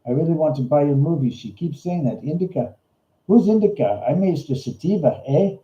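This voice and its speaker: A man's voice: a little high, animated, fairly quick, warm tone, close to an everyday voice. A man voicing a goofy male Canadian ghost investigator with a put-on Canadian accent, joking and ending lines with "eh". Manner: jokey, ends lines with "eh", calls people hosers. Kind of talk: comic bit on a livestream. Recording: roomy, slightly dull livestream audio.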